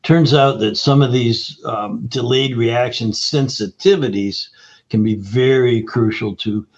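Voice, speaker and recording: Male guest, animated storyteller, mid pitch, slightly muffled recording. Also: unhurried. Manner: lively anecdotal storyteller. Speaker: guest nutritionist. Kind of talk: storytelling interview talk. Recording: slightly dull lo-fi audio.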